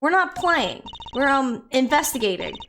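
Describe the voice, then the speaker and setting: A woman voicing an excitable, cheerful teenage girl magician from a game, high and bubbly. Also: normal speed, noisy background.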